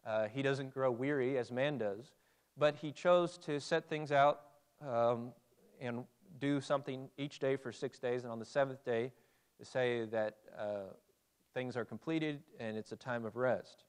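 A man's voice: medium pitch, a little slow, smooth. A man preaching a conversational Bible sermon, asking his listeners questions and reading scripture aloud. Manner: conversational, asks the audience questions.

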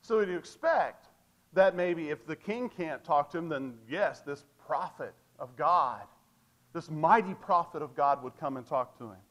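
A man's voice: on the high side, lively intonation, measured pace, a bit bright. A man preaching a sermon, emphatic and repetitive, asking rhetorical questions and stressing key phrases.

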